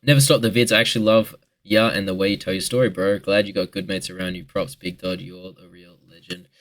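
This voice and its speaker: Rambling Australian man, low-pitched. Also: fairly even intonation, a little fast, a bit bright. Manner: rambling, joking, swears freely. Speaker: vlogger answering viewer questions. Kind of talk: casual chat.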